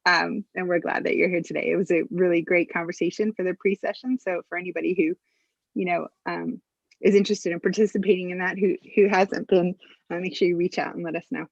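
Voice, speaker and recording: A woman's voice: on the low side, flat delivery, fairly quick, gravelly, dry recording. A woman co-hosting an online session over a video call, welcoming everyone in a chatty, good-humored way. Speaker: co-host. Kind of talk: casual welcome. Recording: dull, dry video-call audio.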